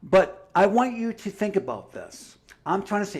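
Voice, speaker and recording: A man with a fairly high voice delivers a heated livestream monologue. He rants in a combative way, swears freely and slips in sarcastic asides. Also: lively intonation, fast, vocal fry, few pauses, darkish tone. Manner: profane, combative ranting. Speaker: livestream commentator.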